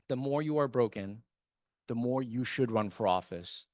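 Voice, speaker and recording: A man's voice: medium pitch, normal speed, a little mellow, dry recording. A man who serves on a city council, giving an earnest, emphatic speech to a meeting, repeating his points for effect. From came to America as an immigrant. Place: meeting hall.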